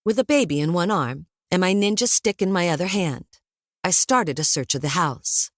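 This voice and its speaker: A woman narrating a first-person audiobook in a wry, lively storytelling manner. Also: lowish voice, normal speed, no echo, studio quality.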